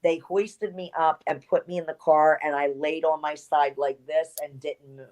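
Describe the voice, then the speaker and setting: Low-voiced woman telling a lively story. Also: moderate pace, rough recording. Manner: animated storyteller who acts out quoted dialogue and swears casually. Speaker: interview guest, former wrestler. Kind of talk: casual interview storytelling.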